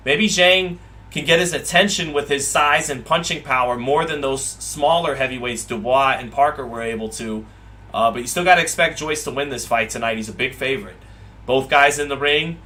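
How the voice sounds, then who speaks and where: A man's voice: a little high, pushed and bright. A man giving live round-by-round boxing commentary, chatting casually and reading viewer comments aloud.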